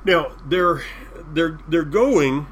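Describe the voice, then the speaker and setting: Southern guy preaching real slow, leans hard on key words, faint room hum behind. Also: on the high side, a bit bright. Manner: slow, deliberate emphasis with drawn-out phrases. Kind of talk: sermon.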